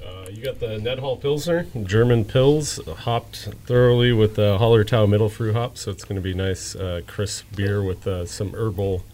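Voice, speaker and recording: A man visiting a radio studio as a brewer, explaining his beer haltingly with many fillers. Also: on the low side, steady tone, dark tone. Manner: halting, many ums and uhs. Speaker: brewer, guest. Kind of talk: casual explanation.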